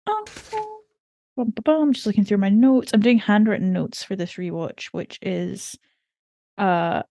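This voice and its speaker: A woman's voice: medium pitch, moderate pace, vocal fry, mellow. A woman co-hosting a podcast, chatting wryly and swearing casually as she recaps an episode. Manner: wry, swears casually, laughs often. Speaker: podcast co-host.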